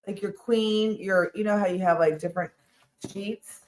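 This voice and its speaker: A woman's voice: medium pitch, normal speed, a little hiss or hum. Chatty woman co-hosting a stream. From United States. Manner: chatty, animated. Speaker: co-host. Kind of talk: casual live-stream chat.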